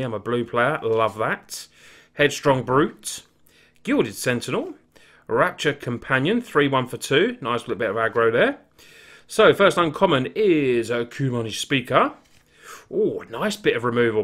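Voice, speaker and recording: A man's voice: on the high side, a bit bright. A man hosting his card game channel, giving casual, upbeat commentary while opening packs and reading card names and rules aloud.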